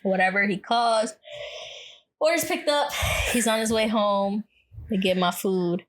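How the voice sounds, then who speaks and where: A young pregnant woman co-hosting a podcast, telling animated stories in casual chat and laughing often. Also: mid-range voice, unhurried. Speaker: podcast co-host.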